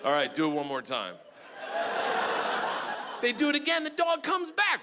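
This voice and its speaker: Loud animated man telling stand-up story. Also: high-pitched, a little fast, pauses often. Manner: loud, animated, shouting punchlines. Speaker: stand-up comedian. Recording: stage mic with audience noise.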